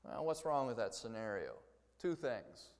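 A man's voice: mid-range voice, animated, a little slow, darkish tone, clean tone, in a large hall. A man giving a Bible lecture in a conversational way, explaining his points through everyday story examples. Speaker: Bible teacher. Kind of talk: church lecture.

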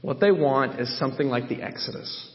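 A man's voice: medium pitch, fairly quick, a little hiss or hum. A man teaching through a Bible passage in a sermon, emphatic and thinking aloud with frequent restarts. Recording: dull sound with long hall reverb.

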